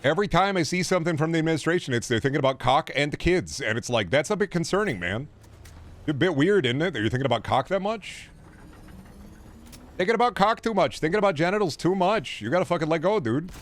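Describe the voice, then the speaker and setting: A man's voice: a little high, expressive, quick pace. Profane sarcastic young man streaming. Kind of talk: casual gaming stream chatter.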